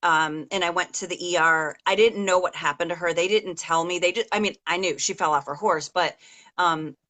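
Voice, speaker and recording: A woman's voice: on the low side, steady tone, normal speed, a bit bright. A middle-aged woman interviewing a guest on a casual call, telling a long personal story in a rambling, emotional way with many fillers. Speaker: interviewer, mother of an injured daughter.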